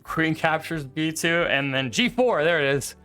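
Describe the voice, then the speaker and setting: Replaying a game at his streaming setup, a chess co-host casually calls out moves, joking, laughing often and swearing. His fairly high voice is bright and forceful, animated at a moderate pace, with soft music in the background.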